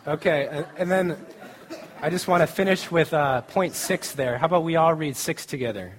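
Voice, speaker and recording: A man's voice: fairly high pitch, moderate pace. A middle-aged man giving a casual, joking sermon at a student camp, often laughing as he speaks. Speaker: campus ministry speaker.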